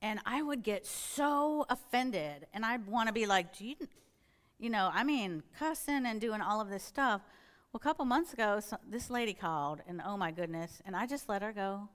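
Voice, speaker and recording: A woman's voice: mid-range voice, animated, moderate pace. A middle-aged woman, a church elder, giving an earnest sermon-style testimony and acting out her own inner dialogue as she tells her story.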